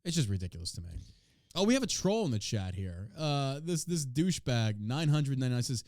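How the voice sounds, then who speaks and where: A man's voice: mid-range voice, sing-song, a little fast, darkish tone, dry recording, clean studio sound. Brash, mocking male podcast host. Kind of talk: casual chat reacting to news.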